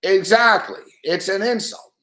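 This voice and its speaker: A man's voice: high-pitched, a little slow, a bit bright. Profane, rambling man host in an echoey room. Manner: profane, rambling, laughs often. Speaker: sports betting show host. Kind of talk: casual live-stream rant.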